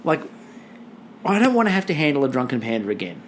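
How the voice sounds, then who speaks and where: A man's voice: mid-range voice, fast, slight background noise. Guy co-host telling stories, voice jumps all over, swears a bit. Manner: lively storyteller, swears, acts out quotes. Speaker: podcast co-host. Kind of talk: casual chat, storytelling recap.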